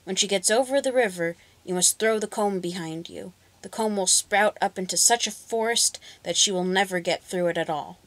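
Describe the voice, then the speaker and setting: A thin, hungry black cat gives calm, confiding advice, as a woman reading a storybook voices it. It is helpful and knowing. The sound is dry and close. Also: medium pitch, moderate pace, hardly any pauses, no room sound, close to an everyday voice.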